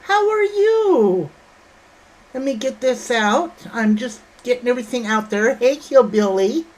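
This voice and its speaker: A woman's voice: fairly high pitch, normal speed. A woman hosting a casual livestream from home, greeting chat viewers by name and calling them honey and sweetheart. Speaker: livestream host.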